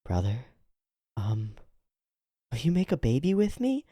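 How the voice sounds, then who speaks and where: A man's voice: mid-range voice, huge pitch swings, a little slow, dark tone, no echo, pitched above the performer's own voice. A man voicing a fifteen-year-old girl, a clingy and affectionate younger sister, read aloud from a comic.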